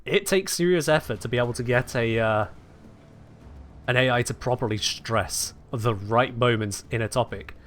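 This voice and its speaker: A man with a medium-pitched, fairly bright voice talks at a moderate pace, chatting dryly and sarcastically with viewers as he plays a game on a live stream.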